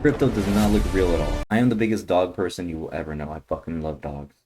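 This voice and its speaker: A young man with a fairly low voice tears into a movie trailer in a heated, swear-laden rant. He talks bluntly and gets loud and indignant. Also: fairly even intonation, fast talker, over music. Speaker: YouTuber reacting to a movie trailer. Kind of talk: ranting trailer reaction.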